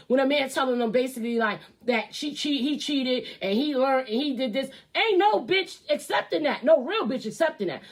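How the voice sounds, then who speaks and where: Brief: woman show host, high voice, brash swearing rant. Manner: blunt, loud, swearing, animated. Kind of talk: profane opinion rant.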